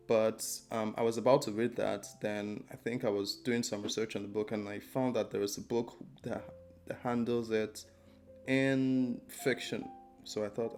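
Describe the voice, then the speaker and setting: A man's voice: fairly low pitch, darkish tone. A man giving a casual spoken book review, rambling and hesitant with many ums and restarts.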